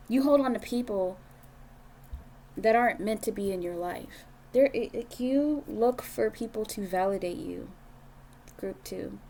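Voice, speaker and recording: A woman's voice: medium pitch, measured pace, pauses often, slight background noise. A young adult woman doing a casual tarot reading, speaking bluntly and swearing freely as she talks to the viewer. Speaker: tarot reader.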